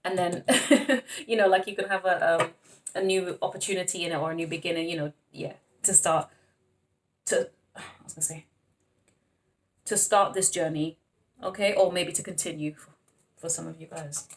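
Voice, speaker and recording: Excitable woman reading tarot. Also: fairly low pitch, moderate pace, pauses often. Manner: excitable, laughs often, calls viewers honey and darling. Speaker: tarot reader. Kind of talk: casual tarot reading to camera.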